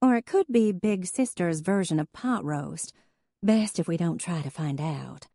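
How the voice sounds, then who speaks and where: A woman's voice: lowish voice, lively intonation, unhurried, creaky, mellow, dry recording, clean studio sound, heavily acted. Woman doing a drawling Southern tomboy vet. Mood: joking. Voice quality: drawling good-old-boy put-on voice. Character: brash young woman vet, joking sister.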